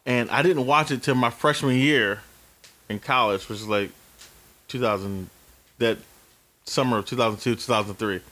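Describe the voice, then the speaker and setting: A man's voice: mid-range voice, moderate pace, long pauses. A man in his early forties, co-hosting a casual chat, telling stories with lots of swearing and acting out the dialogue himself. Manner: animated storyteller, swears freely, acts out dialogue. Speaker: podcast co-host.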